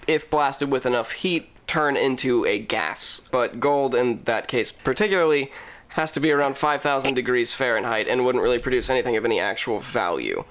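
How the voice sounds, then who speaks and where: A man's voice: mid-range voice, normal speed. A man co-hosting a casual podcast, rambling through an explanation with swearing and bursts of laughter. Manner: rambling, profane, breaks into laughing shouts. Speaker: podcast co-host. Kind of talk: casual chat.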